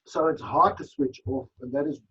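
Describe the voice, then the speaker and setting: A man with a gravelly, husky voice and a lively, swinging pitch. He answers interview questions thoughtfully, often restarting as he searches for words. The sound is dull and lo-fi. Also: normal speed. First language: Afrikaans. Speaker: author guest. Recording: dull lo-fi broadcast audio.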